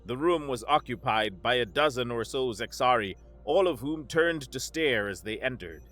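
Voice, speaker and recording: A man narrating a sci-fi story in a steady, measured, scripted reading. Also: medium pitch, faint music behind.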